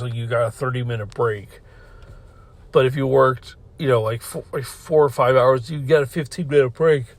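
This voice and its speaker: Guy rambling on about an old job from his car, swears constantly, laughs a lot, middle-pitched voice. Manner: rambling, profane, laughs often. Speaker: podcast host. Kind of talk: casual storytelling.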